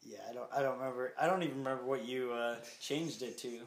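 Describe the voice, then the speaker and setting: A man's voice: medium pitch, fast talker. Rambling young man in an echoey room. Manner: rambling, laughs often. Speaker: podcast co-host. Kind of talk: casual chat. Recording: echoey room, faint noise.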